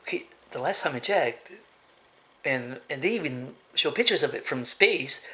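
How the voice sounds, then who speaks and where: A man vlogging in a casual monologue, rambling and halting with lots of fillers and restarts, giving blunt, opinionated rants. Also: medium pitch, big pitch swings, bright, forceful tone.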